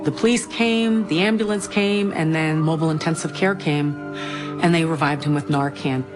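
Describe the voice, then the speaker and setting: Low-voiced grieving mother, halting. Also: over music. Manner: halting, grief-stricken retelling with restarts. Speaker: bereaved mother interviewed in a documentary. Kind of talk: documentary interview, personal account.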